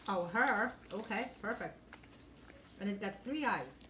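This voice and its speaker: A woman makes chatty side remarks from away from the mic. The room is echoey and clear noise runs underneath. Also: medium pitch, animated, measured pace, a bit bright. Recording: roomy, distant and noisy.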